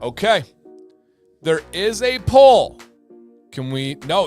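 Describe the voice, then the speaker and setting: A man hosting a livestream in casual chat, energetic and talkative, often repeating words for emphasis. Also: high-pitched, slow, pauses often, faint music behind. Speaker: livestream host.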